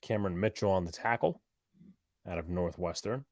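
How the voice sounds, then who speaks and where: Low-voiced man calling plays. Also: normal speed, no room sound, studio quality. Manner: excited play calls, joking banter. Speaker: play-by-play commentator. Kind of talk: fan livestream sports commentary.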